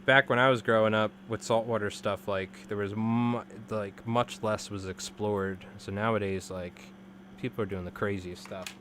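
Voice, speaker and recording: A man's voice: on the low side, steady tone, moderate pace, a bit bright, a little hiss or hum. Rambling, laughing male streamer. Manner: rambling, laughs a lot, says "like" often. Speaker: live-streaming fly tyer. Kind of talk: casual live-stream chat.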